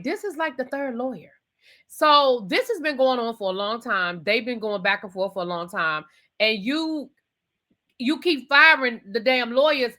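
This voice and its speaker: Woman w/ doing a tv episode review, bright voice, super chatty n opinionated, talks right at her viewers. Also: on the high side. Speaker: TV show reviewer. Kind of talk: casual spoken recap and commentary.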